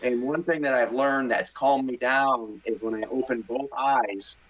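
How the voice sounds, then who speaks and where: Give me an animated middle-aged man telling a story in casual chat, with slightly muffled podcast audio. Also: medium pitch, unhurried. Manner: animated, excitable, acts out his own inner voice. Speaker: podcast guest, hunter.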